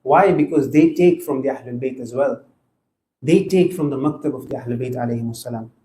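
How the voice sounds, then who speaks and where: A man's voice: mid-range voice, fairly quick, mellow, reverberant, low-quality recording. A man giving an earnest Muharram sermon, telling stories and acting out the dialogue in them. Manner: earnest preaching, acts out quoted dialogue. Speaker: speaker at a Muharram majlis. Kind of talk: sermon storytelling. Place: mosque or hall gathering.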